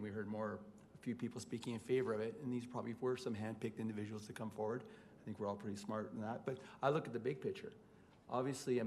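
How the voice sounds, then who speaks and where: A man's voice: lowish voice, slight background noise. A man speaking as a city councillor, making an earnest, plain-spoken case in a formal council debate from a council chamber desk microphone.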